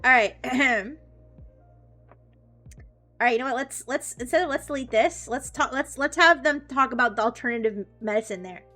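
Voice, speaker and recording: A woman's voice: sits high, normal speed, pushed and bright. A woman streaming live and chatting casually, giggly, with frequent restarts, with faint music behind.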